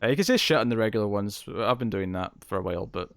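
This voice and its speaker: A man's voice: on the low side, lively intonation, quick pace, dry recording. A man co-hosting a podcast in casual chat, rambling and laughing often. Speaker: podcast co-host.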